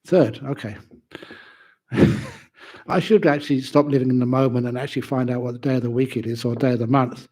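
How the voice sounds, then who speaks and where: A man, a Buddhist monk, giving a humorous dharma talk at a university with animated storytelling. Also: mid-range voice, a little fast, long pauses. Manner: animated storytelling, laughs at own jokes. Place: university lecture venue.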